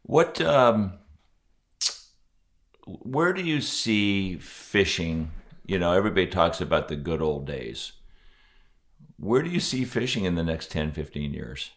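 A man hosting a casual interview, chatty and quick to laugh. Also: low voice, sing-song. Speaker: host.

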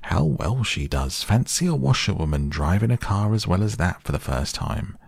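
A man voicing a jovial gentleman motorist in a storybook reading. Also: on the low side, big pitch swings, normal speed, gravelly, breathy edge, no room sound, pitched above the performer's own voice, exaggerated voice. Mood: hearty.

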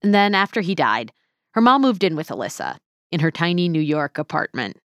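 A woman hosting a podcast, narrating in a measured, even way and chatting with her guest. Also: deep voice, no echo, studio quality. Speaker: podcast host. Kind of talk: scripted narration and interview chat.

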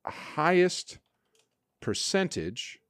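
A man's voice: fairly high pitch, sing-song, takes it slowly, no room sound, clean studio sound. A man hosting a casual solo podcast, rambling and swearing in an exasperated way. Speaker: podcast host.

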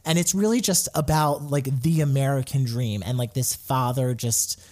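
A man in casual chat on a podcast, reviewing a film with excited, gushing enthusiasm. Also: medium pitch, moderate pace. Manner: gushing, excitable, lots of "like" fillers. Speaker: podcast co-host reviewing films.

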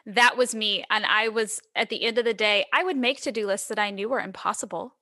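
Upbeat woman host on a podcast, bright tone, dry close sound, gets really into it. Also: mid-range voice, brisk, dry recording. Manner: enthusiastic, animated reactions. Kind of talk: casual podcast conversation.

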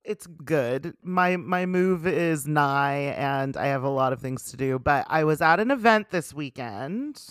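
A young woman co-hosting a casual podcast, chatty and animated, swearing casually as she talks. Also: low-pitched, unhurried, hardly any pauses, no echo, studio quality. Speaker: podcast co-host. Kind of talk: casual chat.

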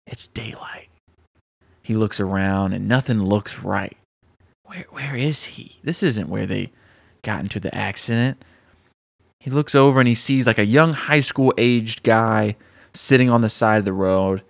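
A man's voice: fairly low pitch, measured pace, gravelly. Young male podcast co-host, casual storyteller, laughs a lot. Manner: animated storyteller, laughing at his own jokes. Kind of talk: casual chat, pitching a story.

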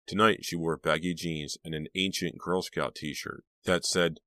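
A man narrating a teen thriller audiobook in a measured storytelling voice. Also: low voice, steady tone, bright, forceful tone, dry recording, studio quality. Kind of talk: scripted narration.

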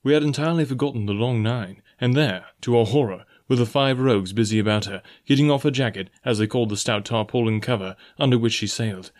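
A man reading a story aloud in a measured, even voice. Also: mid-range voice. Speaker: audiobook narrator. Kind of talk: scripted storybook narration.

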